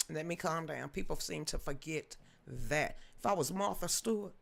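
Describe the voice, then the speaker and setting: A woman's voice: sits low, animated, unhurried, gravelly. A woman hosting a live-streamed news commentary show, ranting bluntly with slang and mild cursing while answering chat comments.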